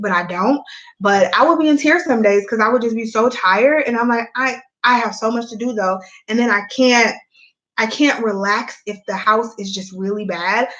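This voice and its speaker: Young mom vlogger talking to her viewers, bright clear voice, a bit muffled. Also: medium pitch. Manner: chatty and candid, Southern "y'all" speech. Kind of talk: casual chat. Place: home.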